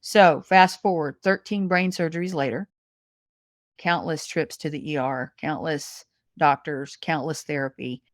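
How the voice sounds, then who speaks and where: A woman's voice: sits low, steady tone, a little slow, no echo, studio quality. A woman in her fifties, a podcast guest talking in a folksy, earnest way and calling people honey. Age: 50s. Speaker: guest, massage industry representative. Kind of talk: casual podcast conversation.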